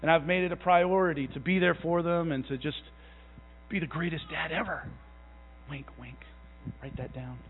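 A man in his thirties delivers a conversational sermon in a fairly high voice, mixing folksy family stories with self-deprecating jokes. He builds to slow, emphatic conviction. The sound is narrow and phone-like, with a long hall echo trailing behind it. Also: steady tone, breathy edge. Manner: builds to a louder, slower fervor. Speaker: preacher.

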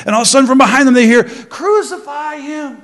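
A man preaching a sermon as pastor, animated, acting out crowd voices, with many restarts. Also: extremely high pitch, racing.

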